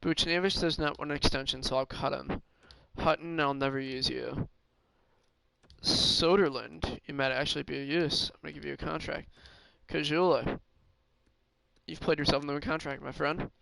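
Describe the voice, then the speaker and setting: A man's voice: fairly high pitch, fairly even intonation, moderate pace, gravelly, sharp tone, smooth, no room sound, low-quality recording. A man streaming a hockey management game, thinking aloud in casual commentary with many fillers and restarts. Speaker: gaming streamer.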